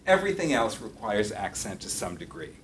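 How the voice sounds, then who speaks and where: A man's voice: on the low side, sing-song, brisk, a little hiss or hum. A middle-aged man, a music professor, giving a classroom lecture in a thoughtful way, with many fillers and self-corrections. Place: classroom with piano. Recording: roomy distant classroom recording with piano.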